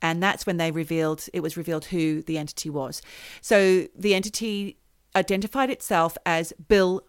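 A woman's voice: fairly low pitch, normal speed, smooth, no echo, clean studio sound. Woman telling a story animatedly. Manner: animated storyteller, mimics voices. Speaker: podcast co-host. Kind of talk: casual storytelling chat.

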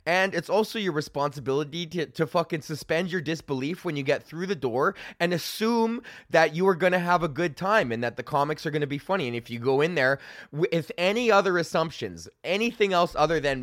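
A young man rants through a casual podcast monologue, swearing freely and wandering between thoughts with plenty of fillers. His voice sits a little high for a man. The studio mic on its stand gives a close, dry sound with no room around it. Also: lively intonation, fairly bright tone, no room sound. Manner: profane, loose and rambling, drawn-out fillers. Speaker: podcast host and stand-up comedian.

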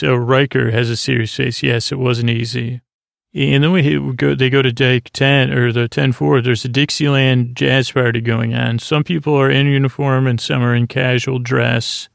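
Host for a sleep-story podcast: a man with a very gravelly, monotone voice, halting and meandering, dry close sound. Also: mid-range voice, dry recording. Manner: halting, meandering, full of filler pauses. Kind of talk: rambling sleep-story episode retelling.

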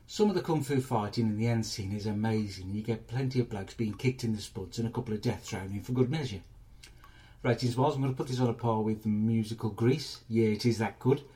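A man's voice: lowish voice, fairly quick, warm tone. Crude rambling man. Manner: crude, rambling, sweary storytelling. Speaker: comedy film club host. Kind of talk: comic film review monologue.

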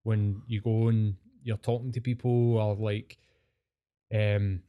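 A man's voice: lowish voice, little pitch movement, slow, phone-quality sound, slight background noise. A man with a Scottish accent, hosting a podcast as a casual chat and telling rambling, sweary stories. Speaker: podcast host.

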